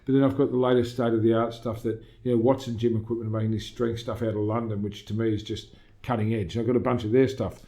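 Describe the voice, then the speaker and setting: A middle-aged Australian gym owner talking as a guest in a casual interview, emphatic and motivational, often quoting himself. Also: male voice, medium pitch, little pitch movement, fast talker, mellow.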